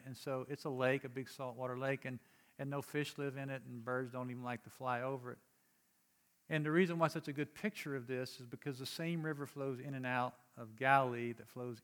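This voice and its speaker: A man preaching a sermon in a conversational way, moving from quiet explanation to emphatic urging. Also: mid-range voice. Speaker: pastor.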